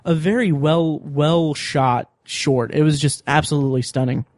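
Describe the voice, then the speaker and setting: A man hosting a podcast, chatting casually and excitedly, with many fillers and restarts. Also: on the high side, moderate pace, no echo, studio quality. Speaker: podcast host. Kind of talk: casual chat.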